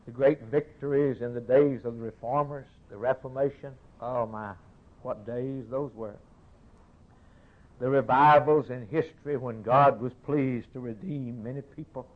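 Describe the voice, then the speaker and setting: A man preaching a sermon, rising to loud rhetorical questions and dropping low again. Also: steady tone, a little slow. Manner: declamatory, swelling to raised rhetorical questions then dropping low. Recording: tinny phone-like sermon recording.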